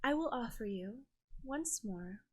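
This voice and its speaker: A woman voicing a tall, possessive spellcaster who speaks softly, intimately and with quiet menace. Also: fairly high pitch, expressive, a little slow, slightly rough. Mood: silky menacing.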